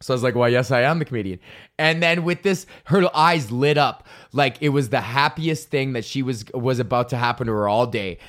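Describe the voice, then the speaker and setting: Profane, animated male comedian telling stories. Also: mid-range voice, normal speed, hardly any pauses. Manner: swears a lot, loose and animated, fillers and restarts. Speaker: comedian podcast host. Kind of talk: profane comedic storytelling rant.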